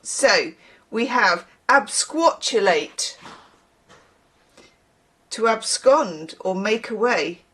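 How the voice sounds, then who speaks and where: A woman's voice: mid-range voice, expressive, a bit bright, slightly rough. A woman hosting a tarot channel, chatting playfully on her own and trying out odd words in mock example lines. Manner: playful, reads words out slowly and tries them in mock example voices. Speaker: tarot reader and channel host. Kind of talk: casual solo talk to camera.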